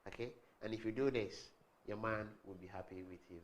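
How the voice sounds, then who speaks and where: A man's voice: on the low side, brisk. A man giving a counseling talk, emphatic, asking rhetorical questions and checking "okay?" often as he repeats key points. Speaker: marriage counselor. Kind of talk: teaching talk to camera.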